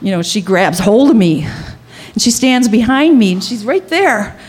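A woman's breathy voice swings widely in pitch as she tells a personal story at a live storytelling event, speaking at a moderate pace. She acts out the characters and grows higher and louder in the tense parts.

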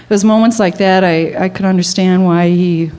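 A woman telling a personal story at a live storytelling event, acting out the people in it and rising higher and louder in tense moments. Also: fairly even intonation, normal speed.

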